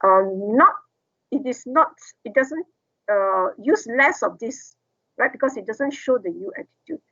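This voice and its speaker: A woman's voice: fairly high pitch, expressive, unhurried, sharp tone, dry recording, highs cut off. A woman lecturer, explaining step by step and asking the class questions.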